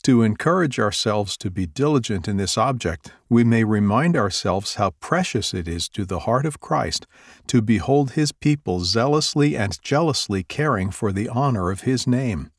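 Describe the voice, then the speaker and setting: A man reading an old devotional text aloud in a measured, formal manner, citing scripture references. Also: fairly low pitch, animated, no echo, clean studio sound.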